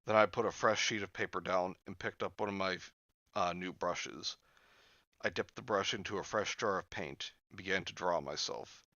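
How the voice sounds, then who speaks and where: A man with a fairly low but bright, lively voice reads a horror story aloud and breaks off for jokey asides. The recording is dry and a little dull, like a lo-fi home mic. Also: moderate pace, dry recording. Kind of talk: storybook reading mixed with joking commentary.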